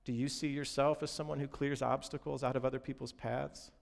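A man's voice: medium pitch, level tone, fairly quick, gravelly, long reverb tail. A man preaching a sermon in an earnest, direct way, talking straight to his congregation. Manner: earnest, direct, addresses congregation as "you guys". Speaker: pastor.

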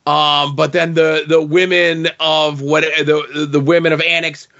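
Bright, sharp-toned man eagerly interjecting. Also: on the high side, little pitch movement, measured pace, gravelly, muffled recording. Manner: jumps in with eager commentary and opinions. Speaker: podcast co-host. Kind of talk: casual podcast chat commenting on a show.

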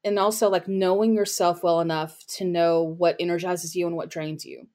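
A woman's voice: on the low side, level tone, moderate pace, a little mellow. A woman speaking as a podcast guest about her copywriting work, in casual interview talk full of "like" and "you know". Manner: chatty, heavy use of "like" and "you know" fillers.

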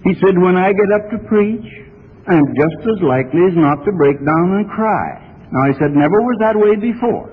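In an archival sermon that sounds phone-like and echoey, a middle-aged preacher recounts a story with rising fervor. His voice is high-pitched and husky, and he speaks at normal speed with earnest conviction.

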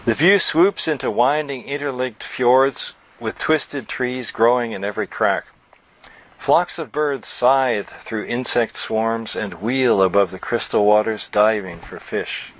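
A man's voice: medium pitch, measured pace, poor audio. Man reading his novel aloud. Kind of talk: live reading at a bookstore. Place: bookstore reading.

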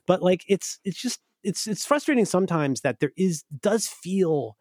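Animated rambling man, very dry sound. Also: sits high, moderate pace, no room sound. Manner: rambling, self-interrupting, profane. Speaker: guest. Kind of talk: casual podcast chat.

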